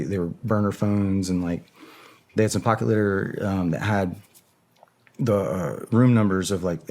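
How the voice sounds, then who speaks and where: A middle-aged American man in a casual interview, swearing often and filling his talk with "like," acting out the shouts he recounts. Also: deep voice. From United States. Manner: profane, heavy filler words, acts out yelled quotes. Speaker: podcast guest, former special operator.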